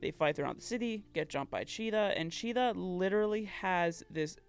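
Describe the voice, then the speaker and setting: A woman's voice: lowish voice, expressive, normal speed, soft background music. A woman co-hosting a podcast, recapping a game story in casual chat, acting out the characters' lines and laughing often. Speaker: podcast co-host.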